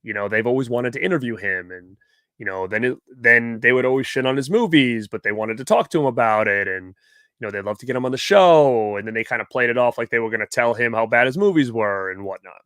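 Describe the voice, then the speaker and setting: A man's voice: medium pitch, lively intonation, fast talker, a bit bright, smooth, no echo, studio quality. A man hosting a live stream, casually telling a rambling story and quoting the people he met. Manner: rambling, chatty, quotes people in his stories. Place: home movie room.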